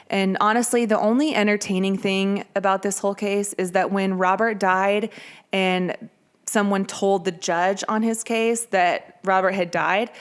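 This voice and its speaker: Woman podcast host, casual true-crime storytelling, chatty, mid-pitched voice. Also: smooth. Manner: chatty, conversational with fillers.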